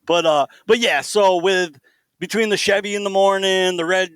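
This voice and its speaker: A man hosting a hunting podcast, telling a story in a lively way and acting out the people in it. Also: high-pitched, moderate pace, clear, resonant tone, dry recording. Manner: animated, quotes people in lively voices. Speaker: podcast host.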